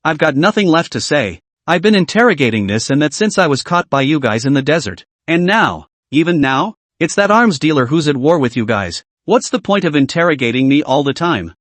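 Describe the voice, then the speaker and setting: A man's voice: fairly high pitch, big pitch swings, brisk, few pauses, fairly bright tone, no room sound. A man voicing Nikolai, a gloating captured male prisoner of war in a comic recap, speaking with a taunting manner. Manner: taunting, then fearful.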